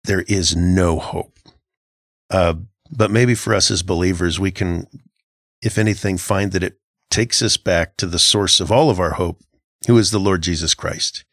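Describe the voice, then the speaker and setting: Deep-voiced earnest man, reflective. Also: fairly bright tone, no echo, studio quality. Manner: earnest, reflective, halting with restarts. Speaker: podcast co-host. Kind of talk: casual Christian podcast discussion.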